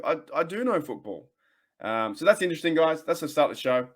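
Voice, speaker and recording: Heated and rambling, this Australian podcast host in his thirties rants about sports on his casual fan show, frequently starting over. His voice sits on the high side, sing-song and a little fast.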